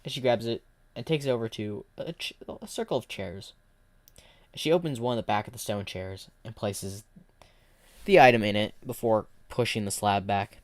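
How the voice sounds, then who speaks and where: A man's voice: lowish voice, normal speed, dry recording. A man streaming and narrating an improvised fan story, rambling and restarting sentences.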